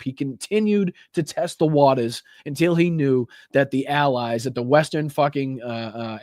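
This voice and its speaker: A man's voice: mid-range voice, darkish tone, dry recording, studio quality. Swearing, emphatic male live-streamer. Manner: heavy swearing, emphatic, repeats 'right?'. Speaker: political live-stream commentator.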